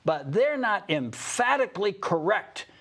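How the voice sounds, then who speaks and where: A man's voice: high voice, very animated, fairly bright tone. An older man co-hosting a radio talk show, arguing politics in an emphatic, mocking way and often cutting in. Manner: emphatic, mocking, quick to interrupt. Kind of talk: opinionated political banter.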